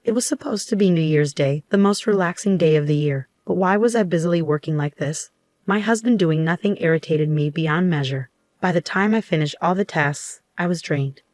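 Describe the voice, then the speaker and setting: A woman in her thirties narrating a first-person story in an even, scripted telling. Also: low voice, normal speed, dry recording, studio quality. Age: 30s.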